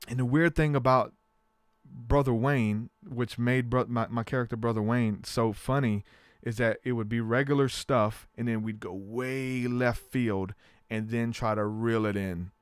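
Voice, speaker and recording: A man's voice: medium pitch, smooth, no echo, studio quality. A man hosting a podcast, telling stories in a casual, rambling way with lots of fillers. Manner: rambling storytelling with many fillers. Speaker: podcast host. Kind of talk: casual chat.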